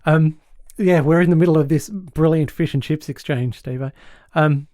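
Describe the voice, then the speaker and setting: A man hosting a podcast, retelling a sitcom episode in an animated way and chuckling often. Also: a little high, moderate pace, no room sound, clean studio sound. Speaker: podcast host.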